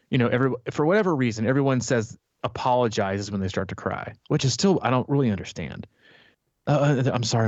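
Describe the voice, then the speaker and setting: A man's voice: medium pitch, a little mellow, dry recording, dull audio. A man coaching triathletes as a podcast host, talking casually and rambling with many fillers and restarts.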